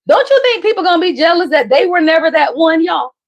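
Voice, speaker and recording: Loud, profane high-voiced woman reader. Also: sing-song, fast, highs cut off. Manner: blunt, profane, repeats "y'all" constantly; sudden jumps between loud emphasis and low asides. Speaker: spiritual reader on a live stream. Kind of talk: live tarot reading stream.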